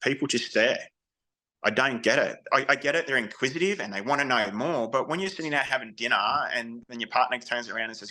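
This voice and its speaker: A man's voice: medium pitch, quick pace, pushed and bright, rough recording. An Australian man, a veteran guest on an interview podcast, speaking candidly in casual storytelling with frequent restarts.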